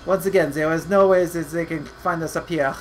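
A man hosting a let's play, joking, laughing often, swearing freely and ranting, sometimes reading game text aloud slowly and dramatically. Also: fairly high pitch, fairly even intonation, soft background music, poor audio. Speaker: gaming channel host.

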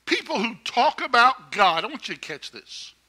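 Folksy high-voiced bright pastor preaching. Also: male voice, big pitch swings, normal speed. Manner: folksy, joking asides to the congregation. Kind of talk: sermon.

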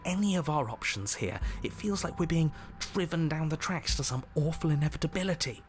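A man voicing the narrator and inner voices of a horror game, telling the scene in measured tones and slipping into anxious, bickering asides. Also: fairly high pitch, lively intonation, slight background noise, close to an everyday voice. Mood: uneasy, exasperated. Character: calm, wry male narrator of a horror game.

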